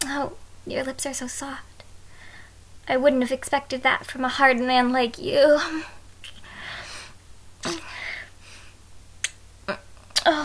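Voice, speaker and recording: A woman's voice: high-pitched, a bit bright, poor audio. A woman playing a shy, nervous young bride. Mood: tender. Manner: hesitant, halting, drops to whispers. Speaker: role-play performer. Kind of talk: audio role-play.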